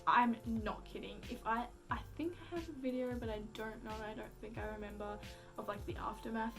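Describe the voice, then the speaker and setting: Soft background music accompanies a young woman's casual vlog story, told in a high-ish, steady-toned voice at a slightly fast pace. She chats away with lots of "like," acts out what people said, and swears in passing.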